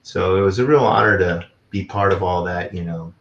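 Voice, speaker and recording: A man with a fairly low voice chats casually as an interview guest, winding through his thoughts with plenty of fillers. He is heard over a video call from a roomy, echoing space. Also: normal speed, a bit bright, muffled recording, slight background noise. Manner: rambling, with many fillers. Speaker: guest musician.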